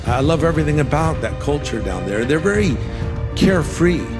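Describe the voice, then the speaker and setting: Preacher guy, kinda high voice, folksy sermon, music under it. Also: big pitch swings, brisk. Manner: folksy, anecdotal. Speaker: pastor.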